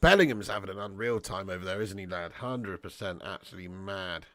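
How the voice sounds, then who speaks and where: A man's voice: deep voice, a little fast, pushed and bright, no echo. A British man hosting a live football watch-along, chatting casually and reading out viewer comments. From Britain. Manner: chatty, laughs often, calls viewers mate and lad.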